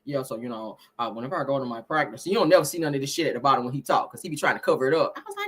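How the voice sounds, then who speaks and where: The host of this gossip live stream is a brash woman offering casual commentary. Her husky, bright, forceful voice swings through a lively pitch range, and she keeps addressing her viewers while swearing and laughing quickly.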